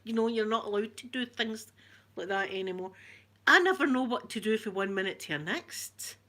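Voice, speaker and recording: A woman's voice: mid-range voice, lively intonation, normal speed, pushed and bright. A woman with a broad Glaswegian accent, hosting a casual live-stream chat, greeting viewers by name and laughing often. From Scotland. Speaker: ASMR channel host.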